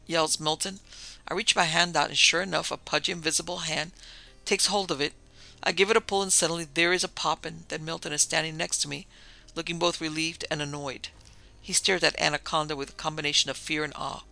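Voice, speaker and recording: A man narrating a first-person story with wry, deadpan humor. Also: fairly high pitch, fairly quick, creaky, soft background music, rough recording.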